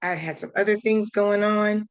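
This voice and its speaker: A woman on a video call, slowly sharing a heartfelt testimony while holding back tears, halting with many pauses. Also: mid-range voice, fairly even intonation, clean tone. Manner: slow, heartfelt, halting with fillers. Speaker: course participant. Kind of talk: emotional testimony on a group call.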